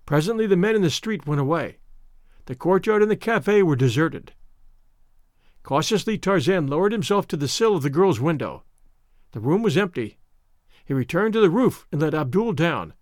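Guy narrating an old adventure book, steady and expressive, lively highish voice, dry sound. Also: normal speed, dry recording. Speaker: audiobook narrator. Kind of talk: scripted narration.

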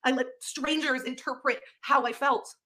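A woman's voice: high voice, fairly even intonation, moderate pace, pushed and bright. A woman making a passionate, upset vlog confession.

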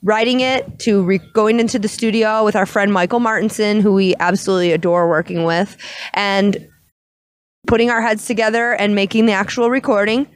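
A woman from a rock band answering interview questions, enthusiastic and talking in quick bursts. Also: medium pitch, steady tone, dry recording. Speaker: band singer. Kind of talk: casual interview.

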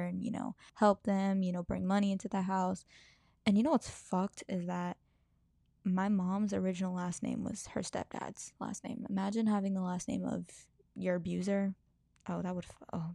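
A woman's voice: mid-range voice, vocal fry, mellow, no echo, studio quality. A woman hosting her own podcast, telling a personal life story in a candid, rambling way with frequent swearing and restarts. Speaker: podcast host.

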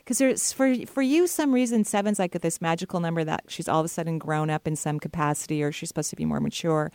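A woman's voice: deep voice, fast, no room sound. Chatty woman advice host, dry studio sound. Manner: warm, chatty, laughs often. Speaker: intuitive advice show host. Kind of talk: casual advice to callers.

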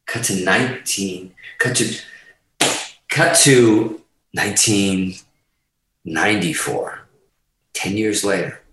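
Profane, excitable man in an echoey room. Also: low-pitched, slow pace, pauses often, far from the mic, slight background noise. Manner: profane, excitable, laughing storyteller. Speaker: guest guitarist telling a story. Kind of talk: animated storytelling in casual chat.

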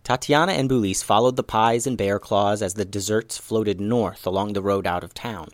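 A man narrating a children's story in an expressive, animated reading. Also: on the low side, moderate pace, dry recording, studio quality.

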